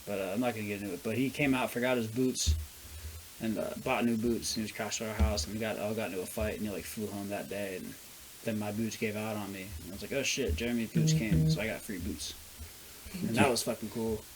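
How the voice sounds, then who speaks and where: A man's voice: on the low side, quick pace, a little hiss or hum, rough recording. A young man, a bit drunk, telling loose profane stories in a casual chat over beers. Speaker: guest.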